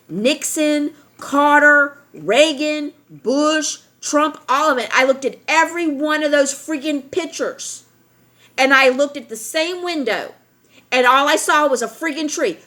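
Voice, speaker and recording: A woman with a high, fairly bright voice rants directly to her viewers as a vlogger. She is emphatic and lecturing, hammering her points home by repeating them.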